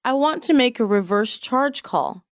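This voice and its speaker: A woman reading business English sentences aloud in a measured, clearly enunciated way. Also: fairly high pitch, expressive, dry recording, studio quality. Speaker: English phrase reader. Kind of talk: slow read-aloud example sentences.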